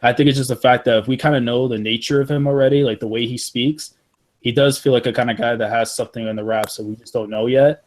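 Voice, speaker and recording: A man hosting a casual group voice-call discussion, relaxed and peppered with fillers. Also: medium pitch, fast talker. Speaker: podcast host leading the discussion.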